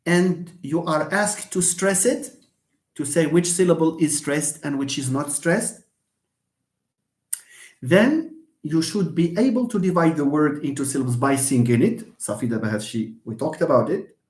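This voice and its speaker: An English teacher talks through a live online lecture at a middle pitch, patient and chatty. The voice draws words out slowly and breaks into easy laughs. The sound is roomy, with the echo of a bare space around it. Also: a little mellow. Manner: laughs often and answers students by name.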